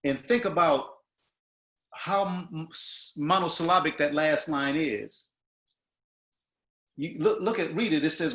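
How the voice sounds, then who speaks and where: A man giving notes to an acting student, halting and repeating words as he quotes lines aloud. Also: a little high, fairly bright tone. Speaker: acting teacher. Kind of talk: coaching notes in a class. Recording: roomy echo.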